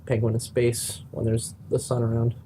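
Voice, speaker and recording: A young man on a casual podcast chat, laid-back and quick to laugh. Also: medium pitch, completely flat delivery, dark tone, a little hiss or hum, rough recording. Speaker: guest.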